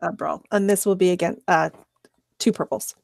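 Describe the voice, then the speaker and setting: A woman narrating a tabletop game as game master, calm and measured, checking rules as she goes. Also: lowish voice, vocal fry, no echo.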